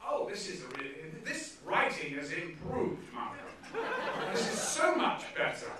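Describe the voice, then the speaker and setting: A man's voice: sits high, sing-song, measured pace, over a noisy crowd, voice pushed up. Man putting on a brusque impatient director. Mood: pleased. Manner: curt, exasperated. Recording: echoey theatre from far off.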